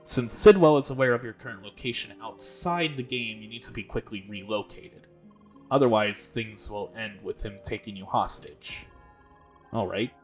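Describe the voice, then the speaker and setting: A man's voice: on the low side, moderate pace, faint music behind. A man hosting a let's play, reading game dialogue aloud in a plain voice and stopping now and then to comment.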